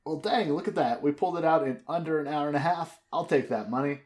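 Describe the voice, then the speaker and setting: A man's voice: a little high, quick pace, darkish tone. A man hosting a podcast, talking casually and teasing his guest. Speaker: podcast host.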